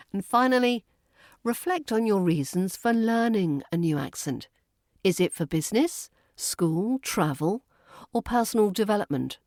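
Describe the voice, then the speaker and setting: A woman with a British accent teaching a pronunciation lesson, saying each word slowly and deliberately. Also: medium pitch, no room sound, clean studio sound. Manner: slow, deliberate, stresses each word clearly.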